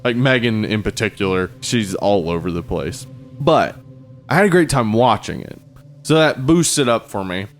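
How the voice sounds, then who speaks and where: A man's voice: on the low side, normal speed, soft background music. A man co-hosting a horror movie podcast, chatting casually and jokily, with some swearing. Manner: relaxed, jokey, swears casually. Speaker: podcast co-host.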